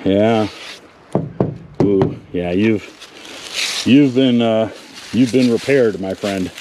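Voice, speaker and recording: Slow-talking man touring a junkyard. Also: fairly low pitch, background noise. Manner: chatty, talks to viewers and cars. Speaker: car magazine presenter. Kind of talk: casual walkaround commentary. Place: outdoors in a wooded salvage yard.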